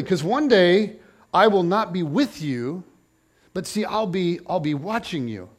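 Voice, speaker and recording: A man preaching a sermon, telling the story in a lively, joking way and acting out the people in it. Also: sits high. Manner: animated, jokey storytelling with voiced asides. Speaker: pastor.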